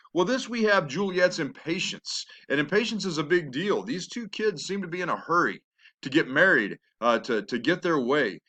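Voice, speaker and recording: A man's voice: on the high side, a bit bright. A man teaching a lesson on a play, talking in a conversational way with asides and fillers. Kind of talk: recorded lecture.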